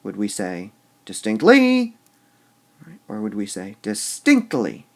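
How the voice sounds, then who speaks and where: A man's voice: on the low side, flat delivery, a little fast, dark tone. A man teaching a recorded lesson on poetic meter. He goes step by step, says "all right" often between steps, and repeats words with shifting stress to show the beat.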